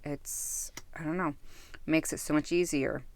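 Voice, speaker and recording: Woman, low voice, dry close sound, casual rambling review, self-interrupting. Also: steady tone, measured pace, no echo. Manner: musing, self-interrupting, easily sidetracked. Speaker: tarot deck reviewer.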